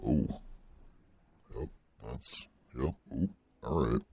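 A man doing a towering, bewildered beast in a tabletop role-play, his growl sinking to the very floor of the voice range. The tone is gravelly and husky, the words slow and soft-spoken. It sounds dry and close, with no room around it. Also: extremely low pitch, huge pitch swings, no echo, voice pushed down, exaggerated voice. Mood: gruff. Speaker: game master voicing a character.

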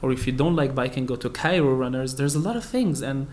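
A man's voice: medium pitch, lively intonation, quick pace, a little mellow. Encouraging man, podcast co-host. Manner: encouraging, upbeat advice. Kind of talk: casual chat.

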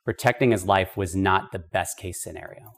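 A man's voice: sits low, moderate pace, creaky. A man teaching a podcast Bible study in an emphatic, conversational way, with casual asides. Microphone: podcast microphone.

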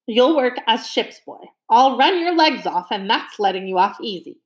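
A woman voicing a gruff, bellowing older male sea captain in an audiobook reading. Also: fairly high pitch, expressive, normal speed, lightly acted. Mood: blustering. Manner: loud, blustering, barking orders.

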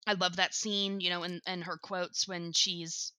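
A woman co-hosting a casual podcast chat, excitable and quick to laugh, swearing casually. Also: fairly low pitch, clear, resonant tone, no room sound. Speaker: podcast co-host.

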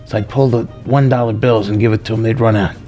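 A man's voice: fairly low pitch, fairly even intonation, quick pace, dark tone, faint music behind, natural voice. A man voicing a forgetful, nostalgic man in his nineties who rambles through the same old stories. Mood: fond reminiscing.

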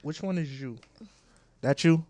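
A man's voice: on the high side, unhurried, dry recording. Playful slangy man hosting a podcast. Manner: loud, playful, slangy, hypes up the listeners. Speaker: podcast host. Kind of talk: casual chat. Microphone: podcast headset.

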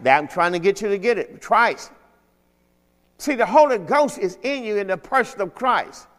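A man with a notably high voice delivers a sermon, pressing each point with emphasis and frequent questions to his listeners. His voice rings out with a long reverb, as in a church hall. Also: animated, moderate pace, a bit bright. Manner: emphatic, repeatedly checks understanding with questions. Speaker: pastor. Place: church service.

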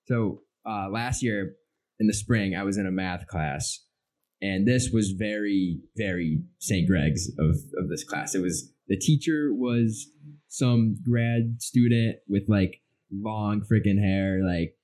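A man's voice: on the low side, takes it slowly, darkish tone. A young man co-hosting a podcast in casual chat, rambling through stories and acting out his own reactions. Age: young adult. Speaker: podcast co-host.

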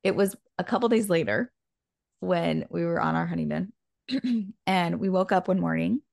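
A woman's voice: on the low side, moderate pace, vocal fry, long pauses, no echo, clean studio sound. A young woman co-hosting a podcast, telling a personal story in a casual, chatty way with many fillers. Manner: animated, chatty, frequent "like" fillers. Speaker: podcast co-host.

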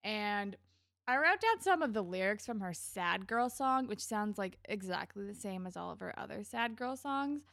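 A woman's voice: mid-range voice, expressive, normal speed, vocal fry, fairly bright tone, dry recording, clean studio sound. A woman co-hosting a casual TV recap podcast, chatty and giggly, acting out characters' lines as she retells scenes. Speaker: podcast co-host.

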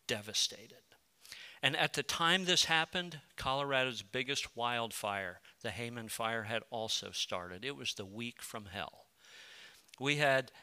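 A male pastor giving a sermon, moving between impassioned pleading prayer and quiet storytelling. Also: medium pitch, clear, resonant tone, long reverb tail.

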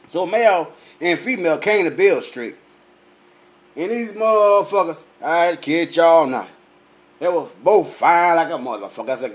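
A man, tipsy from drinking, telling loud, profane comic stories and laughing at his own punchlines. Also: on the high side, lively intonation. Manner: loud, laughing, heavy cursing, drawn-out punchlines. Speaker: comedian vlogger. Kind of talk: profane comic storytelling rant.

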